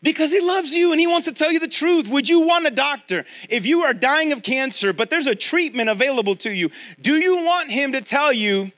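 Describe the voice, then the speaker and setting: A man's voice: very high-pitched, a little fast, few pauses. A middle-aged man preaching a sermon as pastor, talking straight to his congregation and acting out voices as he goes. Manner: conversational preaching, addresses congregation directly; animated, acts out quoted voices.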